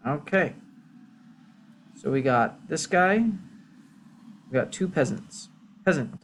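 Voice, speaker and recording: A man's voice: mid-range voice, very animated, slow, long pauses, a little hiss or hum. A man giving casual, chatty commentary while playing a game, poking fun at himself. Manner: chatty, self-deprecating. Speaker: let's play host.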